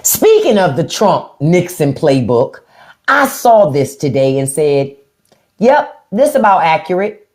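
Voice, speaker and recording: Middle-aged woman, livestream host; blunt, taunting delivery with a lively, animated pitch. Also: slow pace. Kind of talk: casual livestream talk.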